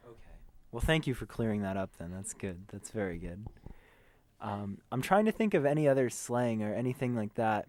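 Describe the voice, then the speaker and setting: An American man, a tour manager, chatting in an interview in an animated, joking way. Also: lowish voice, normal speed. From United States. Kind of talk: casual interview chat.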